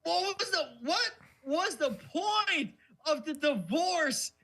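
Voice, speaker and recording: A man's voice: extremely high pitch, animated, takes it slowly, sharp tone. A man co-hosting a podcast in casual chat, ranting in a mocking, profane way. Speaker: podcast co-host.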